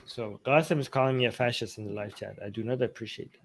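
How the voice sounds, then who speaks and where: A man's voice: mid-range voice, fast talker, vocal fry. A man co-hosting a casual news talk show at home, talking in heated, emphatic rants. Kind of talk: casual opinionated chat. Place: at home with dogs.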